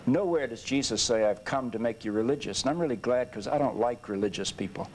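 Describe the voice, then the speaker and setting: Male bishop guest, measured preacherly delivery, mid pitch, faint hiss. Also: darkish tone. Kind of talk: panel discussion. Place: TV studio.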